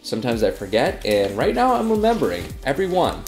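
A young man vlogging about his fan mail with a stuffy nose from a cold, gushing with excitement. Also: mid-range voice, a little fast, reverberant, soft background music. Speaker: YouTuber. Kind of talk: casual vlog reading fan mail.

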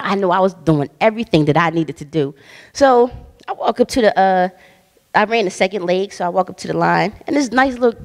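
Bold, slangy woman preaching in a reverberant hall. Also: medium pitch. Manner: bold, emphatic, slangy, laughs often. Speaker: guest minister. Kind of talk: casual conversational sermon. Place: church hall. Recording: long church hall reverb.

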